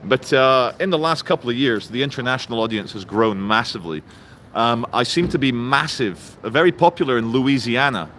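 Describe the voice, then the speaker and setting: A man livestreaming outdoors, ranting and greeting viewers in the chat with lively energy. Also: medium pitch, a little fast. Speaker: livestream host. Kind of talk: live-streamed political rant. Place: outdoors in a town. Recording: faint outdoor traffic noise.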